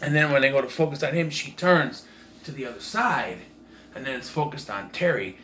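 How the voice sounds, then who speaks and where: A man's voice: a little high, animated, fairly quick, sharp tone, a little hiss or hum. A man giving a casual home-made movie review, rambling and blunt, with profanity and frequent restarts, recorded on a camera propped up in a room at home. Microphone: camera propped on taped-together cases.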